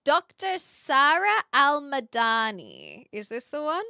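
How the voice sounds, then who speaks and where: A woman's voice: sits high, wildly swooping pitch, slow pace, pushed and bright, dry recording, clean studio sound. A young woman streaming live, chatting casually with her viewers in a scattered way, full of fillers and restarts. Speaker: livestream host. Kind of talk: casual livestream chat with viewers.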